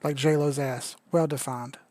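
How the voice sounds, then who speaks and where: A man's voice: medium pitch, fairly even intonation, a little slow, darkish tone, dry recording. A young man, a bit drunk, doing casual crypto chart commentary on a live stream, loose, joking and profane. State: tipsy.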